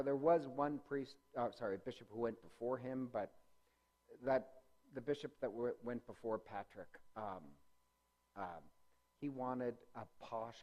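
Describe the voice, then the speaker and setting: A man's voice: medium pitch, darkish tone. Casting: man, parish class teacher, rambling and conversational, lots of ums, light jokes. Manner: rambling, many ums and self-corrections. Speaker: parish religious-education teacher. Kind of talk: informal lecture with slides.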